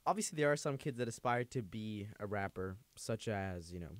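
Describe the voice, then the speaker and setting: A young man on a student radio show who speaks in measured, wordy phrases. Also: on the low side, lively intonation, dry recording. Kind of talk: casual panel discussion.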